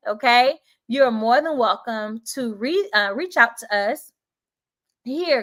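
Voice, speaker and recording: A woman with a Southern twang coaches teachers on a live stream, chatty and encouraging as she answers her viewers. Her voice sits fairly high. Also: a bit bright. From Southern United States.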